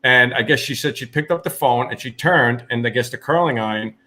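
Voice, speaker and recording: A man's voice: mid-range voice, a little fast, pushed and bright. Brief: New firefighter co-host, man, loose rambling story delivery. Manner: rambling, laughs mid-story, acts out quotes. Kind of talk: casual chat, storytelling.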